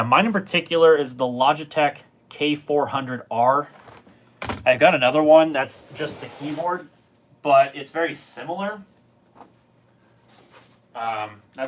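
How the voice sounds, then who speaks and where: A man hosting a casual livestream about computer gear, talking in a rambling, relaxed way with lots of filler words. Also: mid-range voice. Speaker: livestream host.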